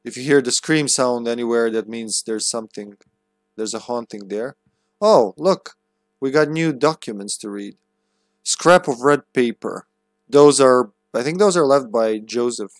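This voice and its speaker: A man's voice: medium pitch, unhurried, no echo. Male game streamer, casual thinking-aloud commentary with light laughs; dry, close recording. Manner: musing, chuckling, reads game notes aloud.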